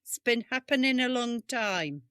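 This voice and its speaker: A woman's voice: fairly high pitch, animated, unhurried, a bit bright, smooth, no echo, studio quality. A British woman co-hosting a podcast, telling history tales in a meandering, self-correcting way over a video call. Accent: British English. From England. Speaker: podcast co-host. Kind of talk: casual storytelling chat. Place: home room on a video call. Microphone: webcam mic.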